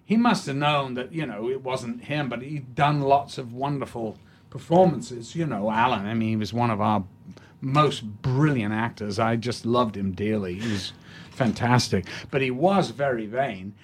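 Older actor guest, relaxed anecdotal delivery, mid-pitched voice. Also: male voice, moderate pace, slightly rough. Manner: leisurely anecdotes with restarts and laughter. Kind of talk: storytelling in a podcast interview.

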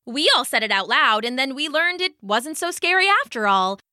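Bright, expressive woman storyteller. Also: high voice, moderate pace, dry recording, studio quality. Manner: gentle, expressive. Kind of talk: children's story narration.

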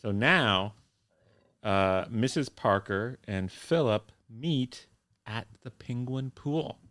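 A young man co-hosting a casual chat, recapping a plot with wry, deadpan humor. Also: mid-range voice, takes it slowly. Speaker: podcast co-host.

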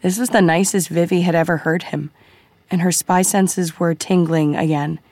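A woman narrating an audiobook in a measured, quietly suspenseful way. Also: on the low side, steady tone, no echo.

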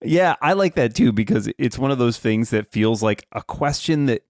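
A man's voice: mid-range voice, lively intonation, moderate pace, darkish tone, dry recording, studio quality. A man hosting a casual podcast about a movie, rambling with many fillers. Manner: rambling, full of fillers and laughs.

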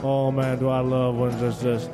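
A man doing an impression of a famous singer, a crude rock star rambling to a concert crowd in a lowered drawl. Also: completely flat delivery, normal speed, in a large hall, over music, lightly acted. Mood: smug.

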